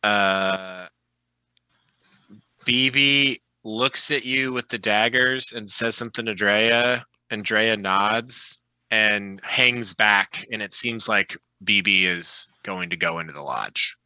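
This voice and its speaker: A man narrating as game master in a relaxed, chatty way, with lots of fillers. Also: on the low side, slow, clear, resonant tone, no echo, poor audio.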